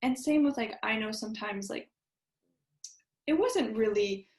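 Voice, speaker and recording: A woman's voice: on the high side, lively intonation, unhurried, darkish tone. A young adult woman host, a former ice dancer, chatting casually with many fillers of "like" and acting out what others said. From United States. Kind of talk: casual interview chat. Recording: roomy echo.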